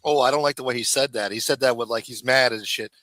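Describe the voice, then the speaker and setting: Profane streetwise host, dry close mic. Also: male voice, medium pitch, steady tone, fast talker, sharp tone, dry recording. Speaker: host recapping a live stream. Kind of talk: casual live-stream commentary. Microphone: studio mic for a radio-style show.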